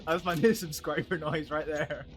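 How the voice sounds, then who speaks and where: A man's voice: a little high, fairly even intonation, moderate pace. A man streaming games, making silly noises and laughing through his words in casual commentary.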